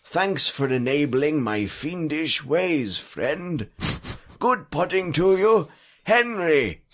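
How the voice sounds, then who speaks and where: A man voicing an old male storyteller by the fire, a rambling grandfather telling a tale to his grandchildren, with a husky voice. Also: a little high, very animated, slow pace, a bit bright, pitched above the performer's own voice, exaggerated voice. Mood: grumbling, fond.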